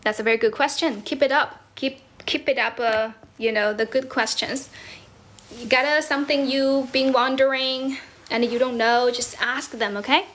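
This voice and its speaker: A woman's voice: high voice, fairly even intonation, moderate pace, a bit bright. A young woman from China with a Chinese accent, hosting a casual livestream and answering comments, laughing often and correcting herself as she switches between English and Mandarin. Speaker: livestream host teaching English.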